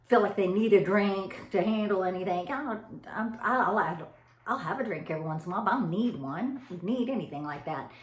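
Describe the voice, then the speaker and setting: Animated mom, echoey room. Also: female voice, on the low side. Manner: animated, laughing storyteller who addresses viewers as y'all. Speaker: mother vlogging about parenting. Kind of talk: casual chatty monologue to camera.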